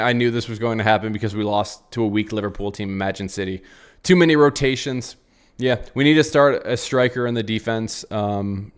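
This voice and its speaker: A young man reacts live after a football match in an even, mid-pitched voice. He sounds frustrated and rambles, circling back over the same phrases and answering viewers' comments as they come in. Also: clean tone. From United States. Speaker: football channel host. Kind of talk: live post-match reaction reading chat.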